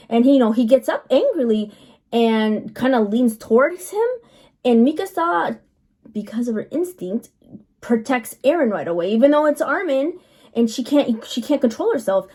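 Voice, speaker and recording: A woman's voice: a little high, animated, normal speed, warm tone. A woman giving a casual, chatty episode recap, telling the story loosely with lots of fillers. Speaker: anime reviewer.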